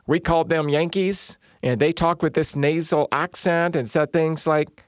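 A man's voice: fairly high pitch, a little slow, dry recording, clean studio sound. Humorous man preaching a sermon. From Southern United States. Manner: humorous storytelling, lively quoted voices. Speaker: pastor.

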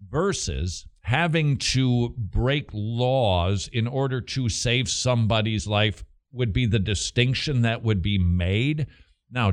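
A man hosting a talk radio show, answering listener questions emphatically and using plenty of rhetorical questions. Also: mid-range voice.

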